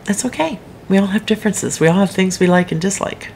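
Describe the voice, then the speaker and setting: A woman's voice: medium pitch, quick pace, creaky, darkish tone, a little hiss or hum. A middle-aged woman author hosting a live broadcast, chatting frankly and rambling into asides with her viewers. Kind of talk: casual livestream chat.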